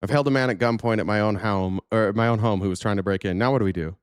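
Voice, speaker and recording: A man's voice: fairly low pitch, fast talker, clean tone, no echo, studio quality. A man hosting a political talk show, giving angry, profane, blunt commentary. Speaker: show host.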